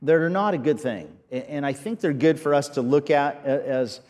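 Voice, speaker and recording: A man preaching a sermon as pastor, earnest and halting, often restarting his sentences. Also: fairly high pitch, a little mellow, long reverb tail.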